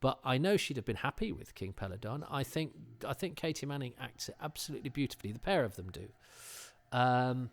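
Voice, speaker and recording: A middle-aged English podcast host chats casually, rambling and interrupting himself with frequent fillers and restarts. His mid-range voice is expressive and brisk.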